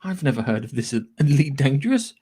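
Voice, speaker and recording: A man's voice: medium pitch, very animated, quick pace, warm tone, slightly rough. A man co-hosting a casual gaming podcast, rambling and swearing freely, laughing often. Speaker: podcast co-host. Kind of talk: casual chat.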